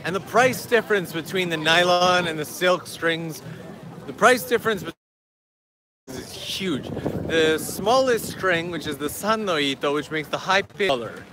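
A man with a fairly high, lively voice hosts a casual livestream while walking outdoors in a park, chatting and answering viewer questions. He speaks at an unhurried pace, and there's background noise.

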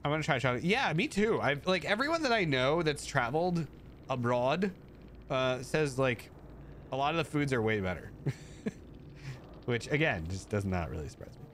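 A man from the United States hosts a live stream, chatting casually and rambling as he reads and responds to his chat. His voice is expressive and a bit bright at a moderate pace, jumping up high whenever he thanks viewers, with slight background noise.

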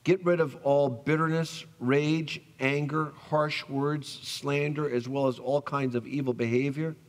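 A male pastor preaching a sermon, telling the story with animated acted-out voices and dropping soft for tender lines. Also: a little high, a little slow. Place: church sanctuary. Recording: long church reverb.

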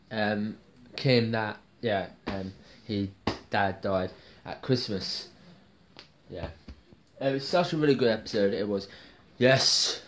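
Slow-talking man, rambling. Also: medium pitch. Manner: rambling, hesitant, full of ums and slang. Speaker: TV soap reviewer. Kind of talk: jokey solo video review.

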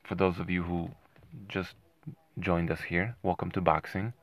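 A man's voice: low voice, flat delivery, unhurried, dry recording, dull audio. A man giving a sarcastic, combative commentary, constantly asking "right?" as he argues. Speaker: boxing commentator. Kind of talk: ranting commentary to camera.

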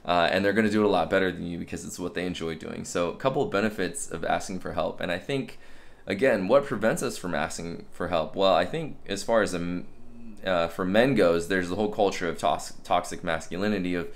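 A man's voice: sits low, brisk, creaky. A man who works as a fitness trainer, talking candidly and reflectively in a casual self-help vlog. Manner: candid, reflective, conversational with fillers.

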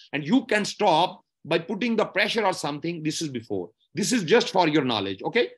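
Explaining how a medical exam is done, this lecturer speaks with a fairly high, somewhat husky voice that swings up and down a lot. He repeats his points and keeps checking in with "okay?" to make sure listeners follow.

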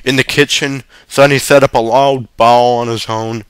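A man's voice: medium pitch, normal speed, smooth, no room sound. Man reading a story aloud. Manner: steady, with occasional stumbles. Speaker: story reader.

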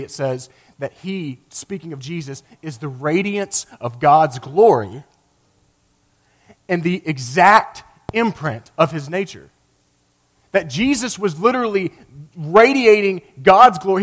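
A pastor delivers a passionate sermon, swelling to loud, emphatic peaks and sinking to a low, quiet voice. At times he acts out the lines he quotes.

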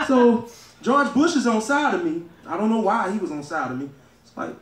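A male stand-up comedian from Louisiana with a Southern American accent, loud and crowd-working, laughing at his own jokes. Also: high-pitched, very animated, normal speed, far from the mic. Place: comedy club stage. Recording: echoey club room, heard from afar.

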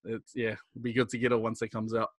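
A man's voice: fairly low pitch, quick pace, no room sound. A young man with a New Zealand accent, chatting as a podcast guest and telling stories with lots of laughter. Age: young adult. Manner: animated, laughing storyteller. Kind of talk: casual chat.

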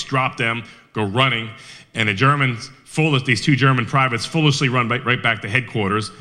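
A man telling a war history story at a Veterans Day event, animated, with rhetorical questions and frequent restarts. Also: medium pitch.

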